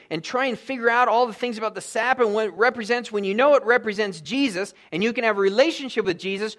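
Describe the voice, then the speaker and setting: A middle-aged man preaching in a high, lifted voice. He works through scripture in an earnest sermon and presses his listeners with repeated rhetorical questions. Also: quick pace, hardly any pauses, a bit bright. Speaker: pastor.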